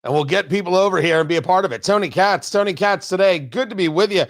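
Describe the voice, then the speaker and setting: A man's voice: high voice, quick pace. Male talk host, studio, indignant, mocking, emphatic monologue. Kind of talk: political talk show monologue. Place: radio studio.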